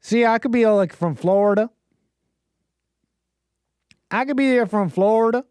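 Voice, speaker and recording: A man's voice: sits high, very animated, fast, no room sound, clean studio sound, pitched above the performer's own voice. A man putting on an exaggerated, self-mocking Southern drawl caricature. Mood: hammy.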